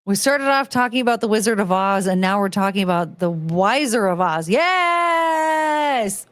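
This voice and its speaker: A woman's voice: medium pitch, fairly quick, dry recording, studio quality. Giggly, rambling woman streamer. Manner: rambling, giggly, self-mocking. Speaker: streamer reading chat. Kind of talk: casual live-stream chat.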